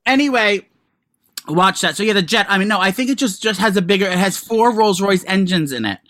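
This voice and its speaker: A man's voice: high-pitched, lively intonation, a little fast, fairly bright tone, no echo. A man co-hosting a podcast in casual chat, telling stories in loose rambling bursts with crude asides and restarts. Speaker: podcast co-host.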